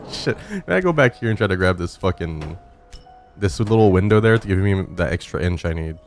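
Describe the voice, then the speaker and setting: A man's voice: deep voice, animated, normal speed, soft background music. A man streaming a climbing game live, talking to chat in a frantic, swearing way and laughing at himself. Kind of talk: live gameplay commentary. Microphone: studio dynamic microphone.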